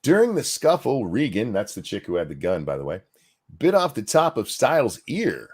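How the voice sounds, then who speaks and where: Low-voiced guy reading news deadpan on a podcast, swoopy lively pitch, cuts in with dry jokes. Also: normal speed, breathy edge. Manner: reads articles aloud with deadpan asides. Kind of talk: casual news commentary.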